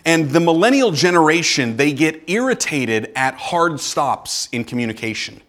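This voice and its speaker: Lively, higher-voiced pastor in his forties. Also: normal speed. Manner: animated, joking asides to the congregation. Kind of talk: conversational sermon. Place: church sanctuary.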